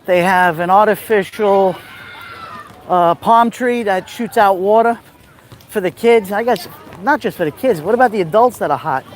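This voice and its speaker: A man with a rough voice and a Brooklyn accent, chatting casually on a live stream as he walks outdoors along a beach. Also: high voice, moderate pace, a little hiss or hum. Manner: chatty, gives shout-outs while walking.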